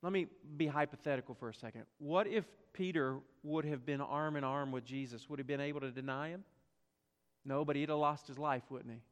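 A pastor with a Southern drawl preaching in a fairly high voice. He drops to a near murmur, then builds to loud, pressing questions. A long hall reverb trails each phrase. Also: a little fast. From South Carolina. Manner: swings from hushed to loud and emphatic, rhetorical questions. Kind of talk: sermon.

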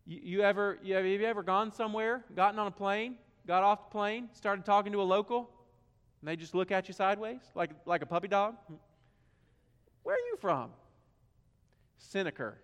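A man with a Southern US accent from South Carolina preaching a sermon, swinging from hushed, low passages to loud, emphatic rhetorical questions. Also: fairly even intonation, fairly quick, smooth, long reverb tail. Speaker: pastor.

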